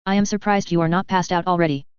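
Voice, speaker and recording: Female reader doing a cocky male field medic; hits each syllable hard, crisp and dry. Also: on the low side, steady tone, fast, no room sound, natural voice. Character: adult male medic, blunt and smug. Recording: slightly dull recording.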